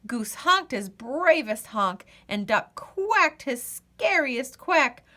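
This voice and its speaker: A woman reads a children's picture book aloud in a gentle, expressive way. Her voice is high and bright, and she takes her time, with lots of rise and fall. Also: slow. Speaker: children's story reader. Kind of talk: read-aloud storytelling.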